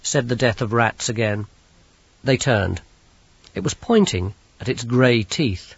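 A man narrating an audiobook in a measured, dry delivery. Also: fairly low pitch, husky, no room sound, lo-fi sound. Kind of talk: scripted narration.

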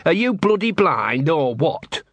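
A scruffy little talking dog with a sarcastic, grumbling streak, as a man reads him, pitched a bit above the reader's own voice. The tone is husky and close, with a dry sound and no room around it. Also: big pitch swings, unhurried, a bit bright, dry recording, heavily acted. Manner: grumbling, crude.

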